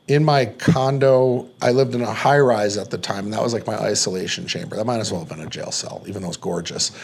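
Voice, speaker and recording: A man's voice: medium pitch, creaky. A man telling a personal story as a podcast guest, rambling and casual, peppering his talk with fillers and swearing. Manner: rambling, profane, many "like" fillers.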